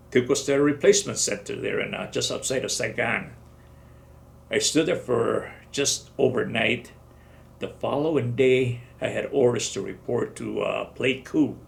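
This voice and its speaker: An older man in his seventies recalls his service in a loose, wandering storytelling manner, and often acts out what others said. His voice has a gravelly fry, set at a middle pitch for a man. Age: 70s. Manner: rambling storytelling, acts out dialogue. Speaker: veteran interviewee. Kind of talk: oral history interview.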